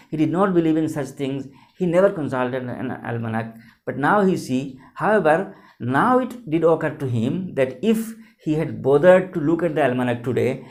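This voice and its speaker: A man's voice: mid-range voice, creaky, darkish tone. A man, teaching a story line by line as a teacher, repeating and rephrasing words with many fillers. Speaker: English teacher. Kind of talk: classroom lecture explaining a story.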